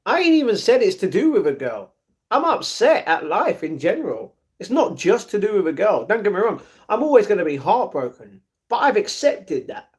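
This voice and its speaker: A man's voice: sits high, very animated, normal speed. A man, livestreaming and answering chat in a downcast, blunt way. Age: 40s. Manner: downcast, blunt, reads chat messages aloud and answers them.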